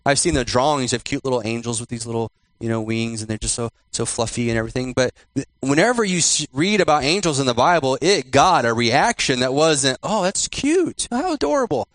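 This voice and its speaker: A male pastor giving a sermon in church, repeating and slowing down his key phrases for emphasis. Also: mid-range voice, a bit bright, dry recording. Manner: repetitive, emphatic preaching with slowed key phrases.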